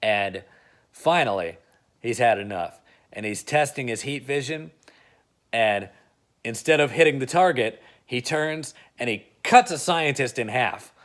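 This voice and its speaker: A man casually retelling an imagined film plot in a chatty way, with lots of "uh" and "like". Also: mid-range voice. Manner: chatty, with frequent "uh" and "like". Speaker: video creator.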